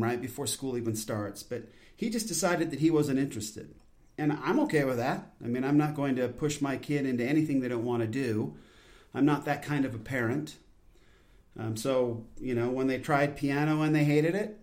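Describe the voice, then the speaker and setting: A man's voice: on the high side, dark tone. A man in his forties hosting a solo podcast, talking in an intense, earnest, rambling way with many restarts. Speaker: podcast host. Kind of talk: casual solo podcast talk.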